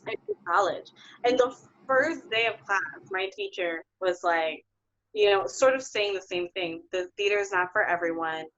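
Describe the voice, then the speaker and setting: A woman's voice: mid-range voice, normal speed, fairly bright tone, lo-fi sound. A woman theatre producer as a guest in a casual interview, chatty with many fillers.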